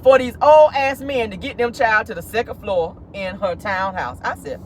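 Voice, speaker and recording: A man hosting a casual celebrity gossip vlog from his car, talking with animated, laughing, playful sass. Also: high voice, normal speed, a little hiss or hum. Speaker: host.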